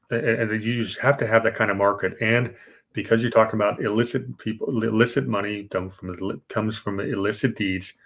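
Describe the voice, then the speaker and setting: A man's voice: fairly low pitch, a bit bright. A man co-hosting a podcast, explaining banking history casually, with fillers and restarts. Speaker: podcast co-host.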